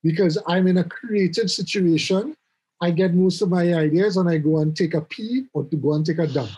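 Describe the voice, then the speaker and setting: A middle-aged man chatting casually about his office jobs, telling animated stories and often repeating words as he goes. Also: high-pitched, moderate pace, husky, poor audio. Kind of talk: casual conversation.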